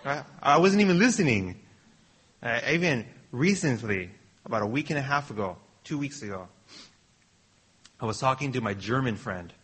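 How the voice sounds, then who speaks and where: A man's voice: medium pitch, expressive, moderate pace, long pauses, a bit bright, slightly rough. A man preaching a sermon in an earnest, personal way, often restarting his phrases.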